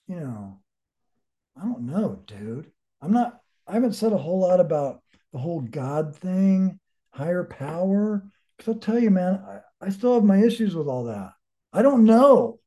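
High-pitched and mellow, he talks as a guest in an interview, recounting his story casually and candidly. His telling is blunt and meandering, laced with profanity and searching self-reflection.

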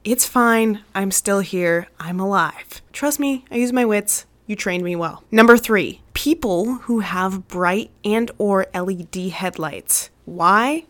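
A young woman talks into a studio mic as host of her own podcast. She rants about everyday annoyances in a chatty, playful, sarcastic way. Her voice sits in an ordinary middle pitch. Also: slow pace, few pauses, fairly bright tone. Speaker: podcast host, ER travel nurse. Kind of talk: casual solo podcast monologue. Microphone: studio mic, new recording setup.

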